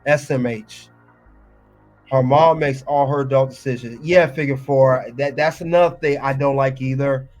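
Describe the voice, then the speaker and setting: A man's voice: mid-range voice, steady tone, moderate pace, darkish tone, soft background music. A man giving casual reaction commentary, emphatic and ranting, often repeating his points.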